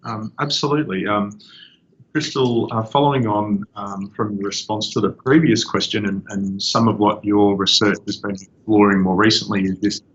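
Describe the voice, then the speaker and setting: A man doctoral researcher asking a polite, halting interview question with many ums. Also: on the low side, steady tone, fairly bright tone. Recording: muffled, dull audio.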